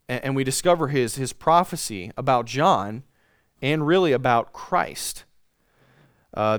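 A man delivers a sermon in a smooth, resonant voice, recorded dry and close with no room sound. He reads scripture aloud, leaning on the words he wants underlined, and poses questions to his listeners before answering them himself. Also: medium pitch, no room sound. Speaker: preacher. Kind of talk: sermon with Bible reading.

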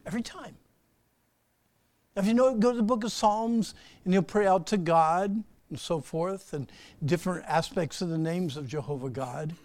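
A man preaching a sermon, swinging between loud emphatic bursts and soft, slow asides, and putting questions to his listeners. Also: high-pitched, no room sound. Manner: asks the audience questions. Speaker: pastor.

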